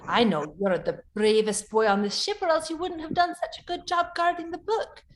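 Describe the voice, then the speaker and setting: A woman voicing a gentle adventurer who speaks quietly and coaxingly. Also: sits high, fairly even intonation, normal speed, pitched above the performer's own voice, natural voice. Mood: soothing.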